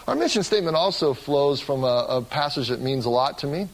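A man's voice: medium pitch, lively intonation, fairly quick, gravelly, rough recording. A man preaching a sermon as pastor of his church, earnest and often restarting his words. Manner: earnest, with frequent word repeats and restarts.

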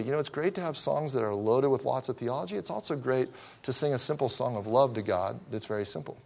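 A man's voice: medium pitch, lively intonation, a little fast, vocal fry. A middle-aged man preaching a sermon as pastor, in a conversational way with frequent restarts and touches of sarcasm. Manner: conversational, self-correcting, lightly sarcastic.

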